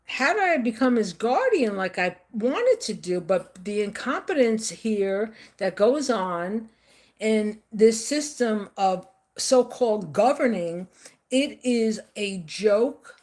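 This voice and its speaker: A woman's voice: mid-range voice, animated, slow, a little mellow. An older woman, talking off the cuff on a live stream in a rambling, emphatic way, often repeating herself. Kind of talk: casual live-stream monologue.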